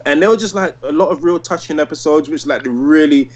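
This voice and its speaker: A man in his thirties co-hosts a podcast, chatting casually and spinning long, rambling stories packed with "like." His voice is a little high and a little mellow, his pace brisk, and the recording sounds muffled.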